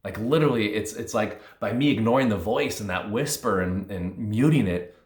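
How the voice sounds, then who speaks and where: A man's voice: fairly low pitch, normal speed. A man giving an earnest, conversational motivational talk, often restarting his sentences. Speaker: motivational speaker. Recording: roomy echo.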